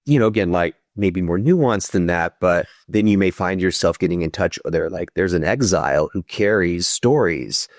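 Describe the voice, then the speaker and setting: A male psychotherapist talking through ideas in a relaxed podcast interview, sometimes acting out inner voices. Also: deep voice, normal speed, hardly any pauses, dry recording, studio quality. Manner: thoughtful, explanatory, acts out inner voices. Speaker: psychotherapist guest.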